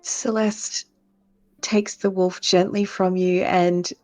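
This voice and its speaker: A woman playing a tabletop game, describing her character's actions softly and gently. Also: fairly low pitch, flat delivery, takes it slowly, no echo, faint music behind. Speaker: player. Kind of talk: casual tabletop game play.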